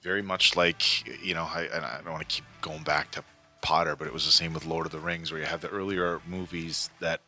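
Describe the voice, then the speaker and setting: This forties-aged man has an extremely low voice with little pitch movement and a sharp tone, speaking fairly quickly over soft background music. He hosts a movie reaction, casual and earnest, with many fillers and restarts.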